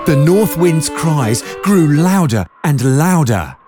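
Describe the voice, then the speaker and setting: Lively storyteller reading a kids book, lots of ups and downs, soft music under it. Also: mid-range voice, slow. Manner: lively, expressive.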